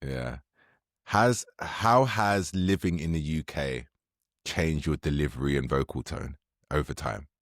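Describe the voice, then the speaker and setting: Very deep-voiced male podcast host. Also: unhurried, no echo, studio quality. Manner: eager and casual, many short affirmations. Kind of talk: casual interview chat.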